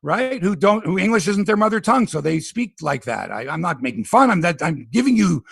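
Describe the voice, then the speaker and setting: A man hosting a sports podcast, ranting in animated, profane casual talk. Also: high-pitched, a little fast, vocal fry, breathy edge, dry recording.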